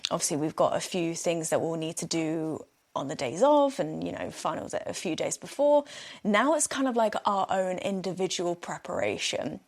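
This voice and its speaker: A woman's voice: fairly low pitch, lively intonation, normal speed. A young woman hosting a solo podcast, chatting casually and often breaking into giggles. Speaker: podcast host.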